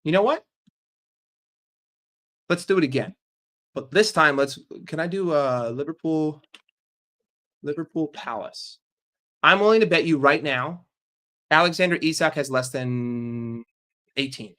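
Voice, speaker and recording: Male fan-channel host, fairly high voice, sweary and sarcastic. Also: animated, a little slow, long pauses, sharp tone. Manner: heated, profane, sarcastic ranting. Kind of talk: casual ranting commentary.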